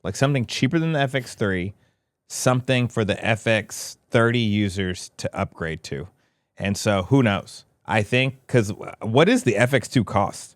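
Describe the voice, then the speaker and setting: Male co-host, animated delivery, dry close mic, teasing, laughs a lot. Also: on the low side, normal speed, dry recording. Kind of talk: casual livestream chat.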